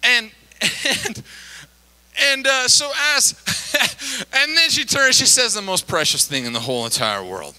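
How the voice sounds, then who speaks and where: A man's voice: high voice, normal speed, low-quality recording. A middle-aged male pastor telling a story in a sermon, acting out the voices of the people in it. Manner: animated, acts out quoted voices.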